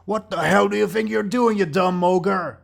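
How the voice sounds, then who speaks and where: Guy putting on a gruff tavern bruiser, irritated, barking, angry thug. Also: lowish voice, moderate pace, voice pushed down, close to an everyday voice. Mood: angry shouting.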